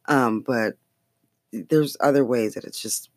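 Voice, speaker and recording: A podcast host rambles through political gossip in a loose, profane way and breaks into laughter often. The voice sits at a middling pitch and is recorded close and dry, with no room sound. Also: takes it slowly, dry recording. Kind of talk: casual political chat.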